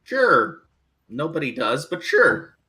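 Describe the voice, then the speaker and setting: A man's voice: fairly high pitch, very animated, slow pace, sharp tone, heavily acted. A game master voicing an awkward, friendly man who stammers a little as he looks after a guest.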